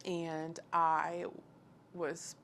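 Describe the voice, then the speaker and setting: A woman's voice: deep voice, completely flat delivery, extremely slow, a bit bright, slight background noise. A woman telling her personal faith story in an earnest, emotional, conversational way. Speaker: guest sharing her testimony.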